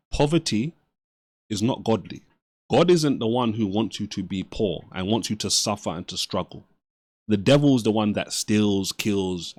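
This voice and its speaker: A man's voice: on the low side, a little mellow, no room sound. A man hosting a reaction video, giving earnest, preacher-like commentary and asking and answering his own questions. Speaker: reaction channel host.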